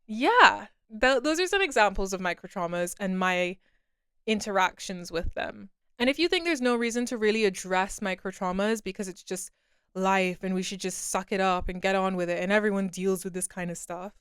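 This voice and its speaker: Young female podcast host, candid confessional talker, mid-range pitch, smooth voice. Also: fairly bright tone, no room sound, studio quality. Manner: candid, confessional, repeats herself. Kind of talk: personal podcast monologue.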